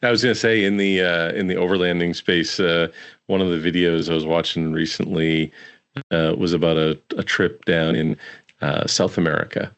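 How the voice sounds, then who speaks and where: A man hosting a casual interview, telling stories in a relaxed way. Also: low-pitched, normal speed, smooth. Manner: relaxed storyteller, laughs easily. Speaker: podcast host.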